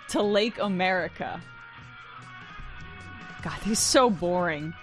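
Filling in on a news talk show, a young adult woman with a mid-range, fairly bright voice reads headlines and adds casual, sarcastic commentary, laughing often. Faint music plays behind her.

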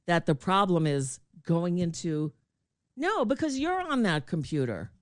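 A woman's voice: fairly low pitch, very animated, moderate pace, no echo. An older woman hosting a show in casual chat, talkative and laughing often. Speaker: show host.

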